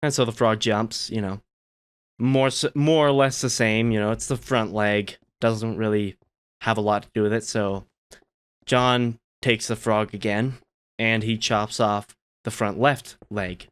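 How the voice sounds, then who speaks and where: A man hosting a relaxed gameplay video, telling a long story in a meandering, laid-back way with lots of fillers. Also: on the low side, a little slow, smooth. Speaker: gaming channel host.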